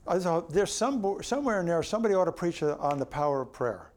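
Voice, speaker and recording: A man preaching a sermon, telling the story in an animated, exclamatory way. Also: fairly high pitch, fairly quick.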